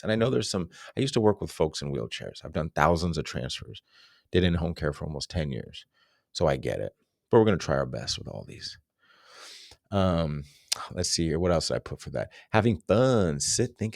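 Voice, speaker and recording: A man's voice: sits low, gravelly, darkish tone, dry recording, studio quality. A man in his forties giving a casual fitness lesson, laid-back and slangy, rambling with asides. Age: 40s. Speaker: fitness instructor. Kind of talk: casual unscripted fitness talk.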